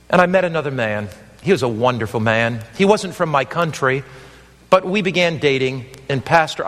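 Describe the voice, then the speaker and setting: A man's voice: on the high side, a bit bright, in a large hall. A man preaching an evangelistic sermon as pastor, earnest and pleading, acting out the voices in his stories.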